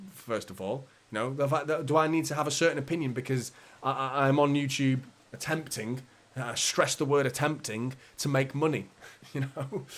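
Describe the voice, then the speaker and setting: A man from England hosting a live football fan stream, casually reading and answering chat comments, chatty and swearing now and then. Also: medium pitch. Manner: chatty, defensive, swears casually, laughs between points. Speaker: football fan channel host.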